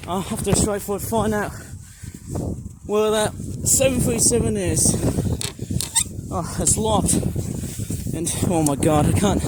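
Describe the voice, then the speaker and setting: A man narrating a casual outdoor vlog, excitable and exclaiming often, out of breath as he hurries uphill. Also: high voice. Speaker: vlogger. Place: outdoors in a park near an airport. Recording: loud outdoor noise.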